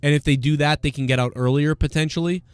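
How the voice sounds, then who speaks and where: A man's voice: fairly high pitch, fairly even intonation, fast, darkish tone, clear, resonant tone, no room sound. A man hosting a casual live Q&A stream, rambling and thinking aloud with lots of fillers. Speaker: livestream show host.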